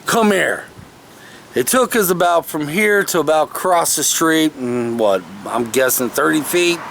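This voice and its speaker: A man's voice: on the high side, normal speed, gravelly, fairly bright tone, a little hiss or hum. A man telling a story from his past in a rambling, folksy, casual way, recording himself outdoors in the shade of a tree. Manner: rambling, folksy, self-correcting. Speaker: vlogger. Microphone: camera he is handling himself.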